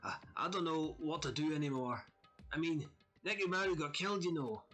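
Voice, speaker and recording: A man's voice: a little high, brisk, a bit bright, soft background music. A man voicing a frightened teenage girl in a game, stammering and whimpering through tears. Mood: scared, tearful.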